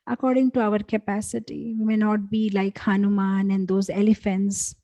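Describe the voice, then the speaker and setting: A woman's voice: mid-range voice, level tone, moderate pace, dark tone, muffled recording. A woman giving a devotional talk, telling a story and acting out the voices of its characters. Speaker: temple speaker. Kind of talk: storytelling sermon.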